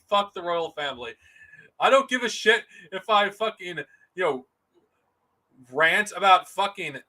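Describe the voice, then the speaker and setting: A man's voice: high-pitched, bright, forceful tone. A man streaming alone, ranting with heavy profanity and stumbling over his words as he repeats himself. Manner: profane angry ranting with stammered restarts. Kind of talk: solo live-stream rant.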